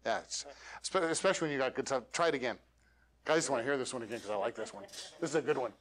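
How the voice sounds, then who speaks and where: A man coaching a meetup audience on pitches, animated and demonstrating lines with dramatic pauses. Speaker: speaker coaching elevator pitches. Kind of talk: workshop coaching talk. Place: meetup room.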